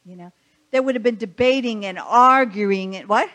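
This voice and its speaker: A woman's voice: on the high side, moderate pace, bright, forceful tone. A woman preaching a conversational sermon, asking her listeners rhetorical questions.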